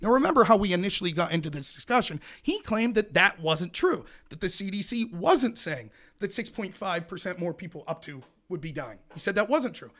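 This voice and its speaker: A male host in a heated call-in debate, talking loudly and passionately, firing repeated questions. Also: high-pitched, big pitch swings, fairly quick, hardly any pauses. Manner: loud, passionate, repetitive hectoring questions.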